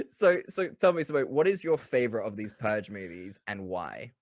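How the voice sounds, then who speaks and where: A man's voice: lowish voice, unhurried, no room sound. A man co-hosting a podcast in casual chat, joking and rambling with frequent laughs. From South Africa. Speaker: podcast co-host.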